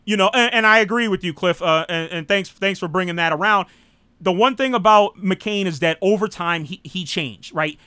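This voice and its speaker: Bright high-voiced American man, rambling talk. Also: normal speed, clear, resonant tone, no room sound. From United States. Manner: rambling, frequent "you know", blunt and irreverent. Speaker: host. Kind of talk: casual live political talk.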